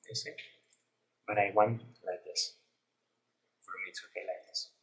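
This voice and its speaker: A man narrating a screen-recorded software tutorial, explaining each step in a plain, unhurried way. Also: on the low side, steady tone, rough recording.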